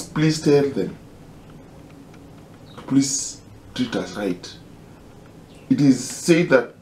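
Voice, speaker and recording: A man with a Kenyan accent making an impassioned, halting personal appeal, pleading and repeating himself. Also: mid-range voice, darkish tone, reverberant. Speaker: concerned citizen.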